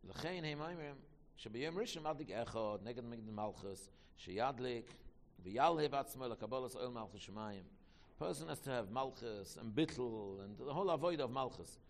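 A man teaching a Torah class, talking quickly, repeating himself and restarting phrases. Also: medium pitch, animated, big-room sound. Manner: quick, repetitive, with many restarts.

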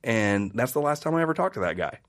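A man's voice: mid-range voice, fast. A man from the American Midwest, a guest in a casual conversation, telling stories animatedly. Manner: animated storyteller who acts out quoted voices.

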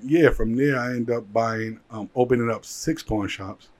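A man, a jeweler and entrepreneur, telling his life story in a casual interview, animated and full of "like" fillers. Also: medium pitch, moderate pace.

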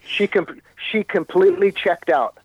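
A man recounting a personal story as an interview guest, halting and often repeating his words. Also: high-pitched, husky, no room sound, highs cut off. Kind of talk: telling a personal story in conversation.

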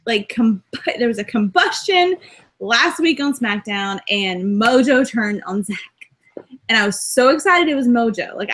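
Woman co-host, chatty and excitable, tends to ramble and laugh mid-sentence; voice sits a bit high. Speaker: podcast co-host. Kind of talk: casual chat.

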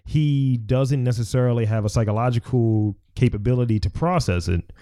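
A man's voice: mid-range voice, normal speed, dark tone. Joking male podcast co-host reading stories. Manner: reads news stories aloud, jokey, laughs often. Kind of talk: casual comedic chat.

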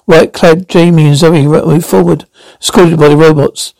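High-voiced man reading a sci-fi story. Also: fairly even intonation, normal speed, creaky, a little mellow, no echo, poor audio. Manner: plain descriptive read-through, reading all the parts himself. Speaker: narrator. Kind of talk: narrating and reading out a science-fiction episode.

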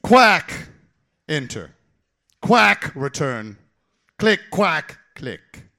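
A man performing a comic slam poem live, theatrical, swinging from loud outbursts to low mutters. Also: sing-song, extremely slow, gravelly. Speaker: slam poet.

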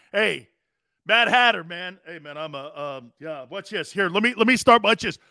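A man's voice: sits high, lively intonation, unhurried, pushed and bright, no echo, clean studio sound. A man hosting a sports talk show, ranting in a brash, mocking way with profanity.

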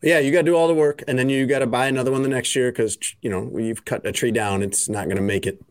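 A man's voice: medium pitch, steady tone, quick pace, no echo. A man hosting a podcast in casual banter, rambling and joking with lots of "like" fillers. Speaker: podcast host.

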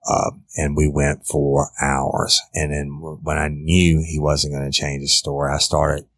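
A man's voice: a bass voice, monotone, a little slow, fairly bright tone, no echo. A man, a former detective telling a story bluntly, with a lot of profanity. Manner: blunt and profane, matter-of-fact. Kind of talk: storytelling in an interview.

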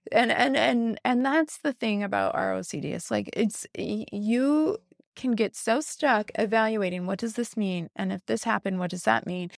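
A woman's voice: mid-range voice, normal speed, vocal fry, no echo, studio quality. A woman hosting a podcast, telling stories animatedly and acting out quoted dialogue with frequent laughs. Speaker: podcast host, therapist. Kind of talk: casual conversational podcast.

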